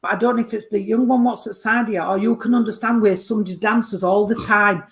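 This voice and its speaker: Woman, spiritualist medium, chatty reading, mid pitch, keeps checking in with the sitter. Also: steady tone, fast.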